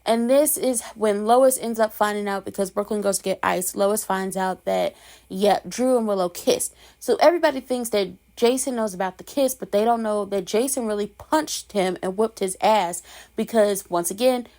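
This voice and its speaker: Woman, soap recap host, casual opinionated commentary, sassy, slangy, emphatic, medium pitch. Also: normal speed, darkish tone.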